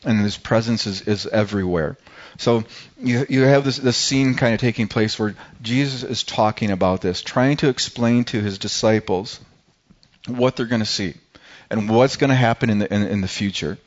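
A man's voice: fairly low pitch, normal speed, dull audio. A man preaching a sermon in a casual, conversational way, often restarting and repeating words. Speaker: pastor. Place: church service.

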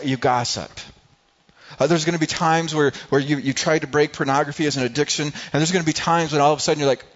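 A man preaching a sermon as pastor, talking conversationally, often repeating words and acting out what people say. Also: a little high. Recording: slightly dull, lo-fi sound.

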